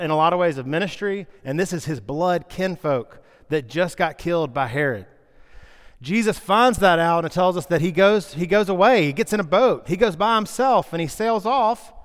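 A man preaching a sermon, telling the story with lively, acted-out asides. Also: high voice, moderate pace. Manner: animated storytelling, acting out scenes. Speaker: pastor. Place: church sanctuary. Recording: long reverb of a large hall.

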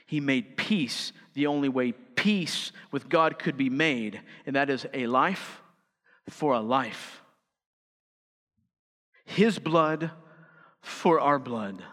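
A man preaching a sermon as pastor, rising to emphatic peaks and dropping to quiet, earnest lines. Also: fairly high pitch, lively intonation, drawn-out words, long pauses, big-room sound.

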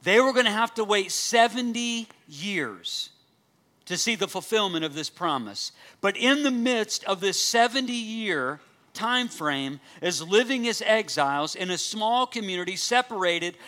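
A man's voice: high-pitched, pushed and bright. A man preaching a sermon to his church, earnest and emphatic, repeating key phrases and asking the congregation direct questions. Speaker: pastor.

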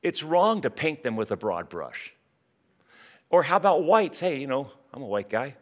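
A man delivering a sermon in a lively, conversational style. His pitch rises and falls freely as he throws out questions and asides to the congregation, shifting between punchy emphasis and quiet, drawn-out lines. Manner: animated, conversational preaching with rhetorical questions and asides. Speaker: pastor.

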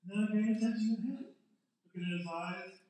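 An older male pastor preaches in a loose, joking way, calling on his listeners to join in. His voice sits very high for a man. It rings through a very echoey hall, picked up from some distance. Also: steady tone, brisk, mellow. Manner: joking, chatty, draws in the congregation. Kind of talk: conversational sermon. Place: church sanctuary.

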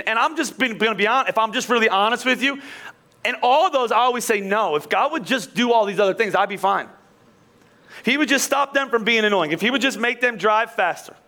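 A man preaching a sermon in an animated, conversational way, acting out quoted voices. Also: very high-pitched, fairly quick. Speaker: pastor.

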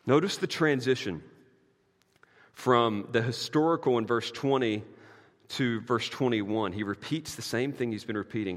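A man preaching a sermon, emphatic and conversational, with casual asides and many "like"s, swinging from quiet to loud. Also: medium pitch, big-room sound.

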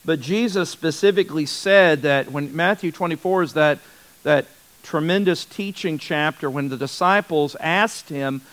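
A man leads a Bible study in an easygoing, conversational teaching voice. His voice sits somewhat high and sounds smooth and resonant, and he hammers home key words by repeating them. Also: moderate pace, fairly bright tone, poor audio. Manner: conversational, repeats words for emphasis, frequent restarts.

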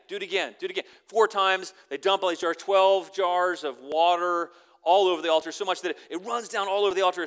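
A man preaching a conversational sermon, repeating words as he starts phrases and swinging from loud emphasis to near-whispered lines. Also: a little high, clean tone. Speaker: pastor.

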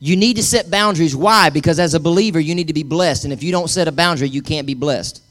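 High-voiced emphatic male pastor preaching. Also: fast, fairly bright tone. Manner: emphatic, calls for congregation responses. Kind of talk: sermon.

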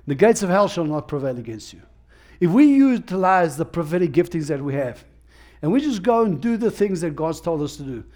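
Emphatic preacher man, slightly high voice. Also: mellow. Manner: emphatic, repetitive preaching with restarts. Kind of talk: sermon.

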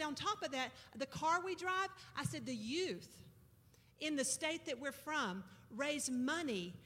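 A woman's voice: high voice, a bit bright. A woman preaching a sermon and telling a missionary story in a folksy, conversational way, drawing out words for emphasis. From Arkansas. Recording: reverberant church hall.

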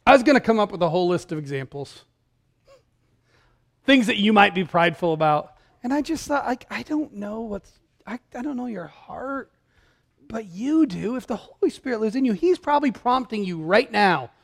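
A man, a pastor, giving a sermon in a conversational style, talking straight to the congregation and swinging from loud emphatic calls to hushed, tender lines. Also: high-pitched, animated, normal speed, creaky. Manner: conversational, direct address to congregation.

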